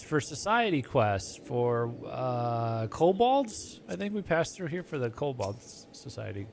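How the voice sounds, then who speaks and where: A man's voice: a little high, a little hiss or hum. A man streaming a video game, chatting casually, reacting aloud and talking to his viewers. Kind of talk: casual gaming commentary.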